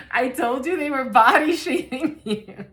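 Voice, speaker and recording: A woman's voice: high voice, expressive, slow, fairly bright tone. Blunt, swearing woman tarot reader. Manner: blunt, swearing freely, laughing often, rambling with lots of "like". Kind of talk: collective channeled reading to camera.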